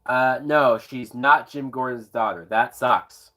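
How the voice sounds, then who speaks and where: A man's voice: mid-range voice, takes it slowly, bright, forceful tone. A tipsy man giving sarcastic, profanity-laced live commentary while watching a movie, breaking into whooping laughs. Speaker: movie reviewer.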